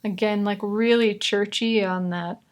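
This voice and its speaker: A young woman explaining how she records and layers vocals, in a chatty, relaxed way with asides. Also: mid-range voice, a little slow, soft background music. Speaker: vocal producer teaching. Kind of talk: casual tutorial explanation.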